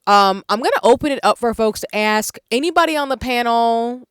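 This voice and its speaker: A woman's voice: a little high, animated, a little fast, smooth, dry recording, clean studio sound. A woman hosting a live-streamed panel, thanking people at length with lots of "um"s as she moderates. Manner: warm, effusive thanks, many fillers. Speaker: panel host.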